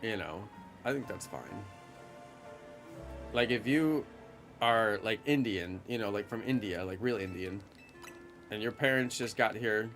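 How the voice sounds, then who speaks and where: A man's voice: fairly low pitch, measured pace, long pauses, music in the background. A man from the United States talking casually on a live stream, rambling with lots of fillers and answering viewers' chat. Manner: rambling, heavy on fillers like "you know" and "like".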